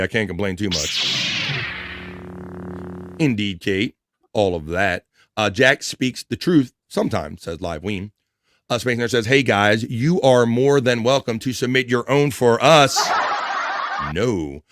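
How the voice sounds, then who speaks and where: A man with a fairly low voice hosts a relaxed livestream, reading out viewer comments and cracking crude jokes between laughs. Faint clicking sounds in the background. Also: noisy background. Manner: jokey, crude banter, laughs often. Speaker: livestream host.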